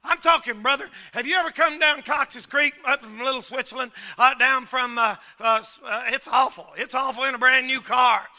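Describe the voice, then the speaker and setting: A man, a pastor preaching a storytelling sermon in a folksy, rambling way that breaks into shouts. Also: extremely high pitch, moderate pace, few pauses.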